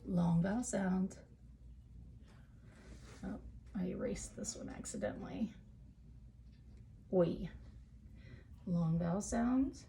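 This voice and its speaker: A woman's voice: on the low side, takes it slowly, creaky, long pauses, warm tone, a little hiss or hum. A woman teaching a phonics lesson to young children from home, talking in a patient, encouraging way.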